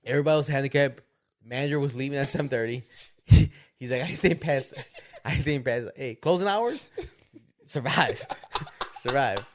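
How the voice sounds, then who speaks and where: A man's voice: mid-range voice, brisk. A man co-hosting a podcast, casually retelling a story and acting out the quotes with frequent laughter. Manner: animated retelling, acts out quotes, laughs often. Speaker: podcast co-host.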